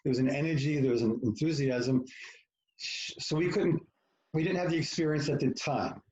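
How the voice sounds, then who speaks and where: With a fairly high pitch and a darkish tone, a man talks at normal speed as a podcast guest, recounting a personal story bluntly and profanely. He performs quoted lines and makes fun of himself; the audio is dull and reverberant.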